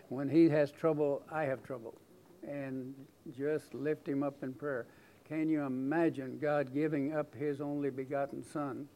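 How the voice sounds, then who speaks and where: Folksy preacher man, dark voice. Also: medium pitch, little pitch movement, a little slow. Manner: conversational, folksy, with frequent fillers and restarts. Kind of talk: sermon.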